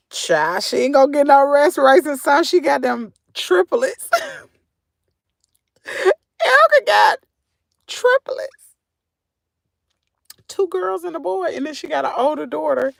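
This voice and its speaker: A woman's voice: high-pitched, sing-song, measured pace, creaky, dry recording, studio quality. A woman with a Southern American accent, chatting casually with her livestream viewers from a parked vehicle, reading comments and laughing often. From Southern United States. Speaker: channel host.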